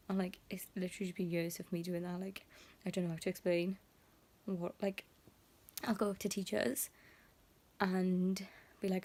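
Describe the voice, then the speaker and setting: A woman's voice: fairly low pitch, flat delivery, normal speed, mellow. A young woman talking emotionally in a casual vlog, rambling with lots of fillers and slipping into half-whispered asides. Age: young adult. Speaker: vlogger.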